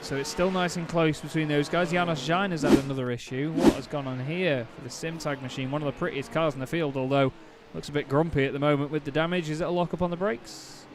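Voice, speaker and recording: A man calling a sim race with a slightly high voice. He talks in a chatty way and corrects himself as he goes, and incidents make him excited. A steady noise hisses under his voice. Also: fast talker. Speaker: race commentator. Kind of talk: play-by-play sim racing commentary.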